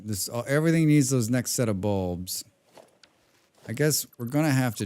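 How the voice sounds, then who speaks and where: A man's voice: medium pitch, expressive, normal speed, a little mellow. A man streaming a building game, chatting casually with viewers, rambling, humming and muttering to himself, with the odd casual swear. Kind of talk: casual live-stream chat while playing.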